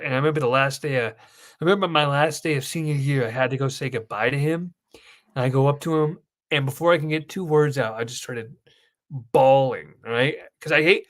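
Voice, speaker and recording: A young man hosting his channel, telling an emotional story in a rambling casual way. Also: medium pitch. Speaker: host. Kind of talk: casual chat.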